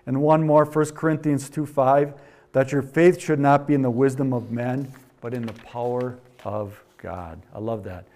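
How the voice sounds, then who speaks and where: Wisconsin pastor with swinging emphasis. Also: male voice, fairly high pitch, measured pace. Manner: preaching with verse readings, swinging from loud emphatic quotes to quiet asides. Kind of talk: sermon.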